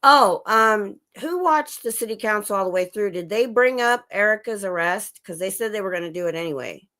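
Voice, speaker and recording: A woman's voice: medium pitch, animated, fairly quick, bright, forceful tone. A woman hosting a casual late-night livestream chat from home, talking loosely with many restarts. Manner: chatty, talks to her dogs between topics, many restarts. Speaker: livestream host. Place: home, dogs in the room. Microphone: livestream setup.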